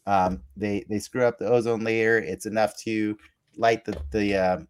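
Guy with a lowish voice rambling thru an episode recap on a podcast, lots of uh and like. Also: fairly even intonation, unhurried, clear, resonant tone. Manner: rambling, laughing recap with fillers and restarts. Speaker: podcast co-host. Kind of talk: casual recap chat.

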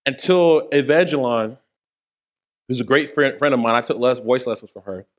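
A man's voice: medium pitch, moderate pace. A man preaching a sermon in a conversational way, with playful asides to the congregation. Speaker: pastor.

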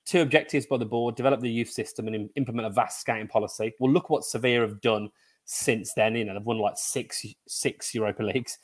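A middle-aged man co-hosting a casual football chat podcast, lively and jokey. His voice sits at an ordinary pitch for a man. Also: fast talker. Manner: animated, jokey, puts on silly foreign-player voices. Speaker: podcast co-host.

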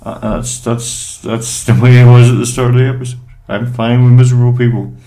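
A man's voice: mid-range voice, flat delivery, a little fast, mellow. A man co-hosting a podcast, chatting casually with sarcastic, teasing remarks. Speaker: podcast co-host.

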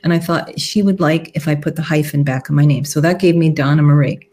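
A woman author is a guest on a talk show, with a voice lower than most. She is friendly and chatty, and she laughs often as she tells stories. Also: fairly even intonation, a little fast, darkish tone. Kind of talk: casual talk show interview.

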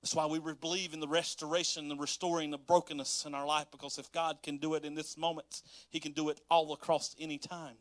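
A man preaching a sermon, walking through scripture verse by verse in a lively, animated way and acting out the quotes. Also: a little high, fairly quick, hardly any pauses, no room sound. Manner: animated, laughs often, acts out quotes. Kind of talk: sermon reading and explaining scripture.

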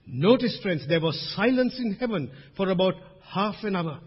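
A man preaching a sermon as pastor, swinging between loud emphasis and hushed asides. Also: high-pitched, expressive, moderate pace, breathy edge. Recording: dull recording with long hall reverb.

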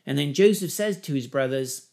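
A man's voice: medium pitch, moderate pace, creaky. Enthusiastic man preaching a sermon. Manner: enthusiastic, rising to excited emphasis; chatty, humorous asides to the congregation. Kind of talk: sermon with Bible reading.

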